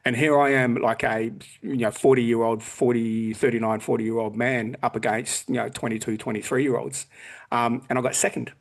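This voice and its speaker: With a level tone, vocal fry, and medium pitch, a man in his forties talks at a normal speed as a podcast guest in a casual chat. He's outspoken and profane, acting out what people said to him.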